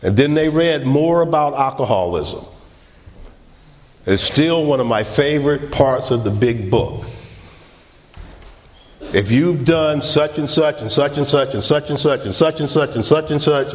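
A man's voice: mid-range voice, moderate pace. A middle-aged man telling his story at a recovery meeting, laughing and acting out quotes. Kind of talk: personal testimony talk. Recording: echoey hall recording. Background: audience laughter.

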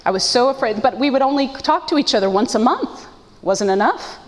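A woman's voice: a little high, expressive, brisk. Woman speaker, heartfelt personal share, choked up at times, recorded in a reverberant hall. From United States. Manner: earnest, emotional, with self-deprecating laughs. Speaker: speaker sharing her story at a support meeting. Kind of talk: personal testimony.

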